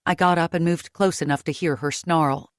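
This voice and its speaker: A woman narrating a fantasy romance audiobook in first person, with a lively delivery and close studio sound. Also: moderate pace, dry recording. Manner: lively, raising pitch for her own character's dialogue.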